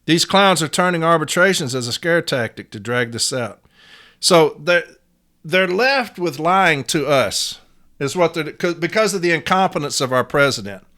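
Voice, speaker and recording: A man's voice: on the high side, bright, forceful tone. Profane, heated man ranting. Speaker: podcast host. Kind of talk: angry union rant.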